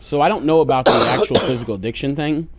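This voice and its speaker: A man's voice: mid-range voice, fast, heavy background noise. A man with an Oklahoma accent co-hosting a casual podcast, blunt and joking, swearing freely at a studio microphone. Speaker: podcast co-host.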